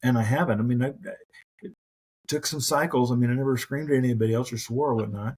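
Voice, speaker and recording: A man's voice: medium pitch, fast talker, darkish tone, slightly rough, low-quality recording. A middle-aged man, a guest on a podcast, telling career stories in an earnest, anecdotal way during a casual interview. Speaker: podcast guest, mortgage professional.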